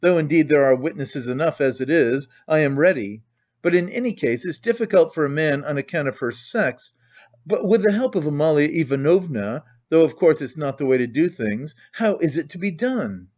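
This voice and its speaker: A smug middle-aged lawyer speaking in a formal, reproachful way, as a male audiobook reader voices him. The voice sits a touch high. The recording is dull and lo-fi. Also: animated, moderate pace, darkish tone, close to an everyday voice.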